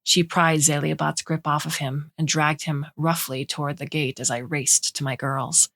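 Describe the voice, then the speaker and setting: A woman reading a short story aloud as narrator, in a measured, expressive way. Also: sits low, creaky, no echo.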